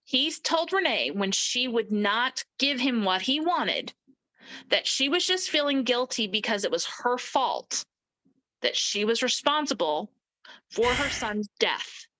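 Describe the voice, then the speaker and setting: Middle-aged woman interview guest, bright forceful tone, emphatic storyteller who voices the people she quotes. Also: on the high side, lively intonation, a little slow, poor audio. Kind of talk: recounting a personal story.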